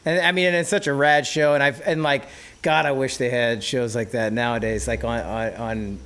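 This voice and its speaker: A man's voice: medium pitch, steady tone, moderate pace, fairly bright tone, clear, resonant tone. A man in his forties hosting a podcast, chatting in a laid-back, agreeable way and sharing his own stories. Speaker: podcast host. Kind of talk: casual interview chat.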